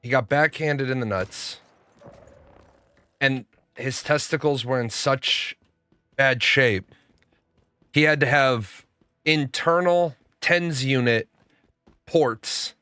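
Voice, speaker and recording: A man's voice: medium pitch, sharp tone, dry recording. A young adult man streaming a game, telling stories in casual, profane chat with frequent stammers and restarts. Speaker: gaming streamer.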